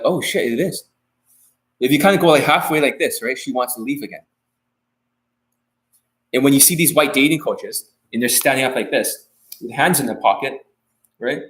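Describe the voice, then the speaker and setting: A man's voice: mid-range voice, fairly bright tone, low-quality recording. A man talking as a dating coach in a live-streamed coaching talk, blunt and profane, often repeating his key phrases. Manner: blunt and profane, speaking straight to viewers; repetitive, says key phrases again.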